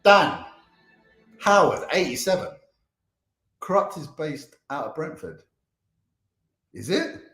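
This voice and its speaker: A man's voice: fairly high pitch, very animated, slow pace, pauses often, fairly bright tone, faint music behind. Chatty London man in an echoey room. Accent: London English. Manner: rambling, repeats words, laughs often. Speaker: charity livestream host. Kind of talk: casual livestream chat reading comments.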